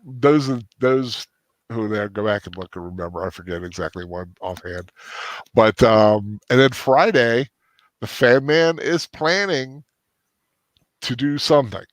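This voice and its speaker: A man hosts a relaxed movie rewatch chat in a mid-pitched voice. He rambles, stops and restarts his sentences, and fills the gaps with ums. The sound is close and dry. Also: no echo. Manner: rambling, halting with many restarts and fillers. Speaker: host. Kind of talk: casual post-movie chat.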